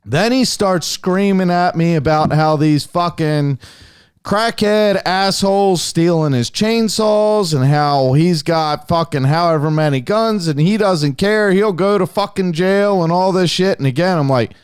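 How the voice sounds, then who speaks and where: A young man telling a hunting story casually on a podcast, animated and heavily profane. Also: sits high, measured pace, clean tone, no room sound, clean studio sound. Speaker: podcast guest, hunter.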